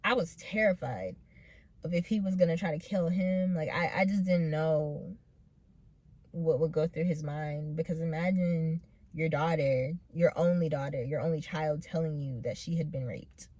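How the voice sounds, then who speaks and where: A young woman in her late teens speaks in a low voice into her camera mic, telling her own story. She talks haltingly, with pauses and fillers, and sounds earnest and close to tears. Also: warm tone, dry recording. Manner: hesitant, full of pauses and "like" fillers. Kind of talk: personal storytelling.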